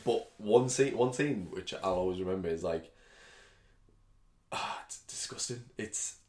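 A man's voice: low voice, a little slow, a little mellow. A man co-hosting a podcast, chatting casually and rambling with many fillers. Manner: rambling, laughs often, slips into silly voices. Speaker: podcast co-host. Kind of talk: casual chat. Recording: roomy echo.

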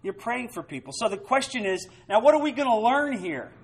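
A man preaching a sermon as pastor, emphatic, swinging between loud stresses and quiet asides. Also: very high-pitched, big pitch swings, brisk, slightly rough, poor audio.

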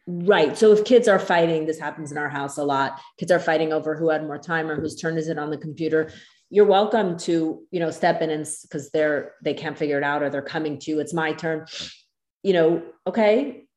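A woman's voice: deep voice, brisk, a little mellow, reverberant. A woman co-teaching a parenting class, chatty and acting out children's lines. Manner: chatty, acts out kids' lines.

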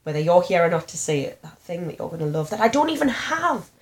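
A woman, candidly telling personal stories in an animated, self-deprecating way. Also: lowish voice, quick pace, a little hiss or hum. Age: 30s. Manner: frank, animated storytelling with self-deprecating humor.

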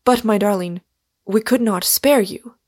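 A woman reading aloud, voicing a tender, dejected older father with a soft, sorrowful manner. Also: mid-range voice, measured pace, no echo, clean studio sound, close to an everyday voice.

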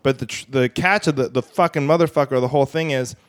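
A man's voice: mid-range voice, fast. A man recounting a messy night out as a podcast guest. He rambles and restarts, swears casually, and chuckles at his own story. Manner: rambling, profane, chuckles through his lines. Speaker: guest comedian.

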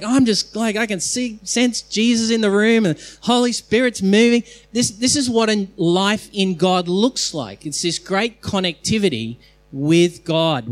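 A pastor preaching a sermon to his congregation, emphatic, with quick bursts of speech and slow stressed phrases, sometimes restarting mid-sentence. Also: fairly high pitch. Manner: restarts and trips over phrases mid-thought. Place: church hall, in front of a congregation.

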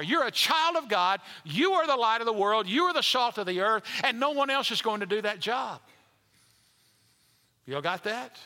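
A man's voice: fairly high pitch, sharp tone, big-room sound. A man preaching a sermon as pastor, emphatic and repetitive, building in intensity.

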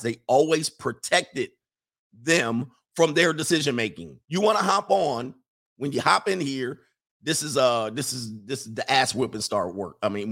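A man giving a casual, animated monologue in colloquial speech, often breaking into mocking impressions and repeating "all right.". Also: medium pitch. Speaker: commentator.

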